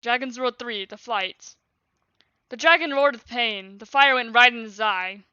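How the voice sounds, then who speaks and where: Bright-voiced woman streamer reading aloud. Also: a little high, unhurried, clear, resonant tone, dry recording. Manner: lively, loud reading with chatty asides. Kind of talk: reading a childhood journal aloud on a livestream. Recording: dull lo-fi stream audio.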